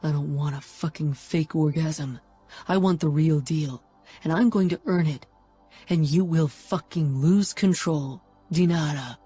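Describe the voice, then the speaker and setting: A woman's voice: deep voice, a little slow, mellow, breathy edge, faint music behind. A woman reading an audiobook and voicing an angry young mafia man who snarls and swears. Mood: intense.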